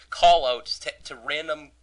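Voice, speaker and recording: A young man hosting a casual podcast, hoarse from losing his voice. He rambles, jokes, swears and restarts often. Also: fairly high pitch, takes it slowly, poor audio. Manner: rambling, profane, joking, many restarts. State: hoarse, lost voice. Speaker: podcast host.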